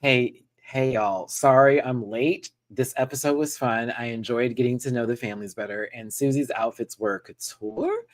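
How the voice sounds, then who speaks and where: A man from Texas hosting a casual live review, chatty, giggly and playful. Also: medium pitch. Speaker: host.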